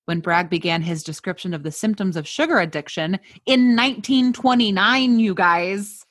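A woman's voice: medium pitch, moderate pace, a bit bright. A woman hosting a podcast, mixing casual chat with a scripted story told in a playful, jokey way. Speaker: podcast host.

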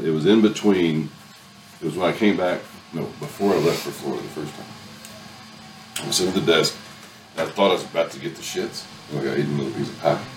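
A man's voice: very deep voice, recorded from a distance, slight background noise. Rambling, cursing man in an echoey room. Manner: rambling, profane storytelling with laughs. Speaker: podcast host. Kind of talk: casual chat. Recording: echoey room, mic from afar, music behind.

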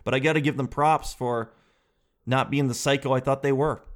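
Animated man telling a comic story. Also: medium pitch, moderate pace. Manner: animated storytelling, addresses listeners as dude and guys. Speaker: podcast host. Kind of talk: casual comedic monologue.

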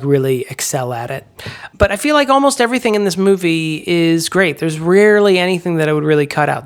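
A woman co-hosting a podcast, chatting casually and self-deprecatingly about a movie, with many fillers. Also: deep voice. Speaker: podcast co-host. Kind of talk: casual movie review chat.

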